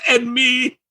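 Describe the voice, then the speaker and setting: A man chatting on a comedy podcast, telling animated stories and acting out the other people in them, swearing freely. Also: very high voice, breathy edge, dry recording. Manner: animated, acts out quoted voices, swears freely. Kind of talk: casual chat, storytelling.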